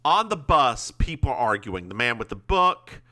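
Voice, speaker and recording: Bright, lively man recapping an episode. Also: mid-range voice, normal speed. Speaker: podcast co-host.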